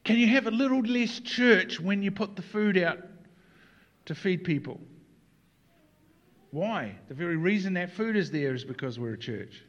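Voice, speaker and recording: A man preaching a sermon in an earnest way, moving between quiet reflection and animated emphasis. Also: sits high, normal speed, long pauses, highs cut off. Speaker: pastor.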